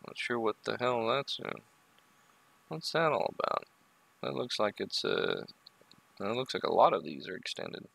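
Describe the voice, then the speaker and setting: Gravelly low-voiced man muttering while he works. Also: big pitch swings, measured pace, pauses often, fairly bright tone, no room sound. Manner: mutters to himself with joking asides. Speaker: livestream host. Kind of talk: casual running commentary while working on a 3D model.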